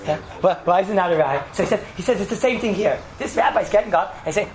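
A man's voice: high voice, fast talker, few pauses, a crowd in the background. A man giving a casual, rambling Torah talk, telling a story and sprinkling his speech with Hebrew and Yiddish terms.

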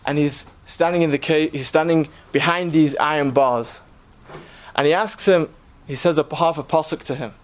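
A man preaching, telling a story earnestly and posing rhetorical questions to his listeners. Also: on the high side. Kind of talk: sermon storytelling.

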